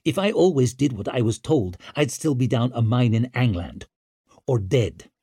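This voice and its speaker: A man's voice: medium pitch, expressive, moderate pace, mellow, husky, dry recording. A man voicing a curt, hardened woman operative who talks in clipped, dry remarks, in an audiobook.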